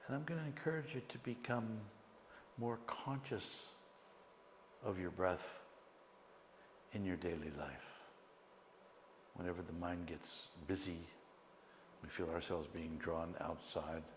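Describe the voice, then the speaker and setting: Man, meditation teacher, very low voice, slow calm guidance, long-reverb hall. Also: a little hiss or hum. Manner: slow, calm, pausing between phrases. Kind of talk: guided meditation lecture. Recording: echoey hall with long reverb, faint ambience.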